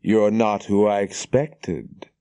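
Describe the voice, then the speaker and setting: A man voicing a cold, menacing noble lord who speaks softly, calmly and with a slur, in an audiobook reading. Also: lowish voice, takes it slowly, clear, resonant tone. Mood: coldly calm. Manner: soft, slurring, calm delivery.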